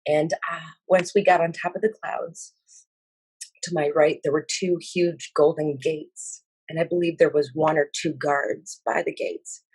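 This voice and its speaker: A woman slowly and earnestly recounting a spiritual vision in halting speech with many fillers. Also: sits low, flat delivery, a little mellow, slightly rough, no echo. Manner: emotional and earnest. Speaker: speaker sharing a spiritual vision. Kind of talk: personal account of a vision.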